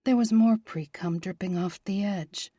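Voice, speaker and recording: A woman narrating a romance audiobook in a soft, breathy, half-whispered voice. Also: mid-range voice, normal speed, dry recording, clean studio sound.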